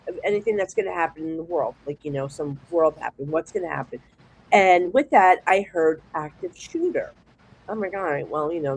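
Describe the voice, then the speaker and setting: A middle-aged woman with a New Jersey accent, a psychic guest telling rambling, animated stories in a casual chat. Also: fairly low pitch, a little hiss or hum, rough recording. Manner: chatty, rambling, animated storyteller with restarts.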